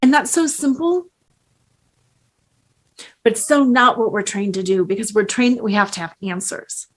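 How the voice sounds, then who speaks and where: A middle-aged woman coach giving a slow, earnest motivational talk with strong emphasis. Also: on the high side.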